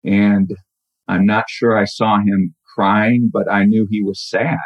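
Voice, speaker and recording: A middle-aged man telling a personal story in a halting, reflective way with many restarts. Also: lowish voice, level tone, no echo. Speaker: caller telling a true story. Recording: dull lo-fi audio.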